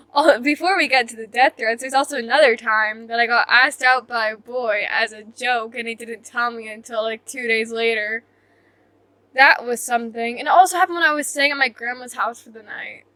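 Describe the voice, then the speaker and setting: A woman's voice: fairly high pitch, steady tone, moderate pace, bright, forceful tone, no room sound. A young woman telling a storytime on her vlog, rambling and self-mocking, with lots of "like" fillers. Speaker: vlogger. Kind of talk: casual storytime chat.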